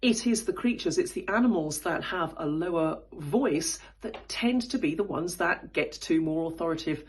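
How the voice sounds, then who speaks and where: Husky-voiced woman coaching public speaking. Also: animated, normal speed, hardly any pauses. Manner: demonstrates high and low pitch while explaining; thoughtful, with frequent fillers and restarts. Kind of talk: spoken voice lesson.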